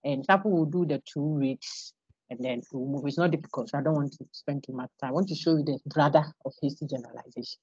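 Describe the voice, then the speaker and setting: A woman's voice: deep voice, fast talker, darkish tone, slightly rough, dry recording. A woman giving an online lecture, emphatic and posing rhetorical questions to her class. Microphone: computer microphone on a video call. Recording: dull, lo-fi online call audio.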